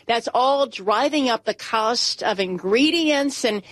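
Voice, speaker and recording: A woman's voice: on the high side, animated, no room sound, low-quality recording. Woman anchoring radio business news. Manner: brisk, conversational.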